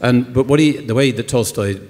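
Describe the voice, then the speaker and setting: An older man, a novelist, talking thoughtfully on stage at a literary festival, pausing often with ums. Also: medium pitch, a little mellow. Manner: thoughtful, hesitant with many ums. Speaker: novelist guest. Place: concert hall on stage. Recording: long hall reverb.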